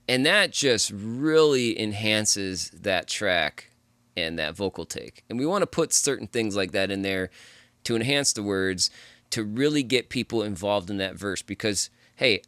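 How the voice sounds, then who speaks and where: A man hosting a music production tutorial, explaining step by step in a relaxed, casual way as he works. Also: on the low side, moderate pace, no room sound. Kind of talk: casual screen-recorded tutorial.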